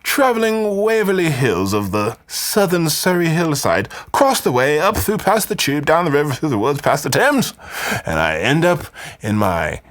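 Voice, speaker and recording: A man's voice: a little high, big pitch swings, normal speed, fairly bright tone, pitched above the performer's own voice. A man voicing a haughty rich British lord, giggling through the pose. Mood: smug. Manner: breaking into giggles while posing.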